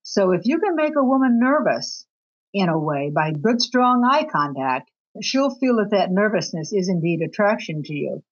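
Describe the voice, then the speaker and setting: A woman answering interview questions as a guest author on attraction, talking expressively with her pitch jumping up for emphasis. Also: expressive, normal speed. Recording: dull lo-fi recording.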